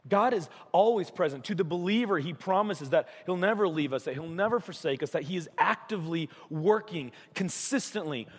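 A man's voice: high-pitched, expressive, fairly quick, few pauses, slightly rough, big-room sound. A man preaching a sermon as a pastor in a casual, conversational way. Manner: conversational, acts out voices in stories. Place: church.

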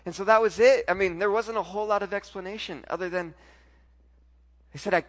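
A man with a slightly raised voice tells a personal story from a stage. He is animated, doubling up his words as he goes and slipping into the voices of the people he quotes. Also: high voice, fairly quick, in a large hall. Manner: animated storyteller, repeats words, acts out dialogue. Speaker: speaker telling a personal faith story. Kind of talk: storytelling talk to a live audience.

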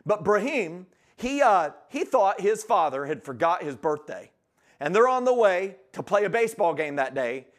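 A man preaching a sermon in an energetic, emphatic way. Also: high-pitched, moderate pace. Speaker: guest preacher.

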